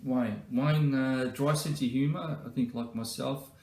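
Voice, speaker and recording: A man's voice: mid-range voice, steady tone, a little slow, a little mellow, slight background noise. A man, a former colleague, telling joking stories in a birthday tribute. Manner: joking, anecdotal, with fillers. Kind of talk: comic storytelling tribute. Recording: roomy echo.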